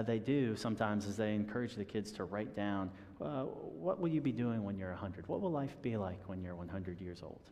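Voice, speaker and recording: A man's voice: on the low side, a little mellow. Chatty man preaching in a reverberant hall. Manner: conversational, self-deprecating with chuckles and repeated restarts. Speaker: pastor. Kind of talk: sermon.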